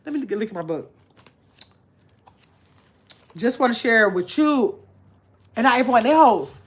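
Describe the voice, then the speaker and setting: A woman hosting a casual livestream, chatting to her viewers and dropping to a low mumble while she searches her phone. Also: expressive, a little slow, husky. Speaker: livestream host.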